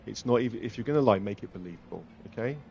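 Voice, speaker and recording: A man's voice: lowish voice, lively intonation, racing, gravelly, a little mellow, slight background noise. A man giving casual, self-mocking, sarcastic commentary while streaming a game.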